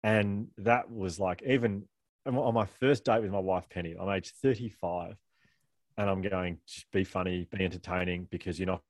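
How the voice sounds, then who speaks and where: A man's voice: low voice, fairly even intonation, moderate pace, no room sound. A middle-aged man telling personal stories as an author guest, rambling, self-deprecating and laughing often. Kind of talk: candid conversational storytelling.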